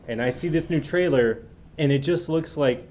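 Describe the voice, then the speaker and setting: A man's voice: fairly high pitch, normal speed, a little mellow. A man co-hosting a casual movie podcast, enthusiastic about films and hesitating with fillers. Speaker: podcast co-host. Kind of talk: casual chat.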